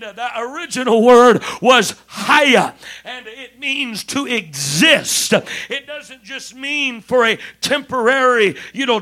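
A man preaching a sermon as pastor, with many restarts, who stresses key words slowly and rises to shouts. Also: extremely high pitch.

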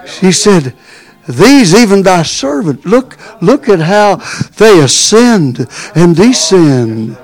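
High-voiced fervent man preaching. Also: very animated, takes it slowly, poor audio. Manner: fervent, builds to shouts. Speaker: pastor. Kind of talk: sermon.

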